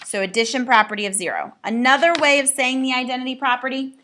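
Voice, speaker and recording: A woman's voice: high voice, fast, sharp tone, a little hiss or hum. A woman teaching a recorded math lesson, explaining step by step with playful asides to her students.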